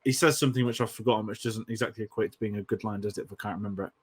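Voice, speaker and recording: A man's voice: lowish voice, fairly even intonation, breathy edge. A man co-hosting a podcast, chatting casually about a film and often stopping to restart his sentences. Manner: hesitant, halting with restarts. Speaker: podcast co-host.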